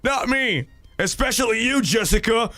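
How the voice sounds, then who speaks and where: A man hosting a casual livestream, reading viewer stories in an animated, profane way with loud laughter. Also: extremely high pitch, normal speed, no room sound, soft background music. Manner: animated and profane, laughing loudly, acting out quoted voices.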